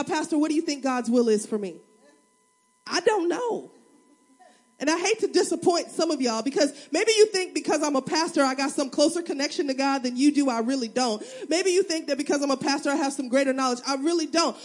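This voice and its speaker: Woman pastor, high voice, animated and funny sermon delivery, talks straight to the pews. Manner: animated, humorous, acts out prayers and everyday scenes; conversational, addresses the congregation directly.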